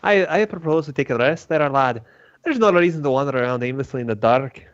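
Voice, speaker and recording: A man's voice: a little high, lively intonation, a little fast, muffled recording, pitched above the performer's own voice, lightly acted. A man voicing a male adventurer in a tabletop game, speaking in an odd put-on accent and calling his companions "lad", in a joking, affable way. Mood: calm.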